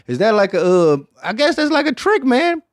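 A man's voice: very high voice, big pitch swings, moderate pace, dry recording. A man from Detroit hosting a podcast in casual chat, rambling and slangy and swearing often, with "man" at the end of many lines. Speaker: podcast host.

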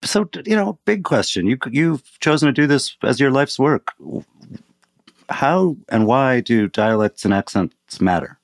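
A man's voice: medium pitch, animated, measured pace, dry recording, clean studio sound. A man hosting an interview, laying out context at length before he asks his guest a question. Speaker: podcast host.

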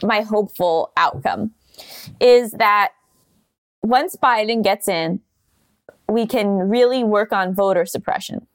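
A woman's voice: mid-range voice, slow pace, long pauses. A woman co-hosting a podcast, talking earnestly and thinking aloud in a casual chat. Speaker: podcast co-host.

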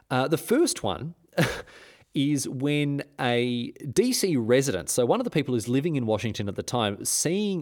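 A man's voice: medium pitch, darkish tone. A man hosting a history podcast, telling the story in a jokey, sarcastic way with many restarts.

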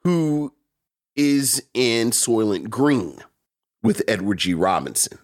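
A man co-hosts a podcast, joking around with his co-hosts in playful, lively banter during casual chat. His mid-range voice moves at a slow pace.

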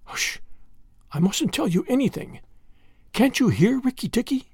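A high, quavering little muskrat who whimpers and begs through his tears, as a man reading the story puts him on. The voice leaps about with nervous, lively swings and a gravelly catch underneath. It is a dry, close storybook reading. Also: moderate pace, no echo, full character voice. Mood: tearful pleading. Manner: tearful, pleading, sobbing.

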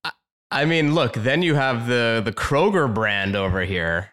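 A man hosts a casual interview show in an upbeat voice of middle pitch. He jokes freely and laughs often as he talks. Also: animated, a little slow, fairly bright tone. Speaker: podcast host.

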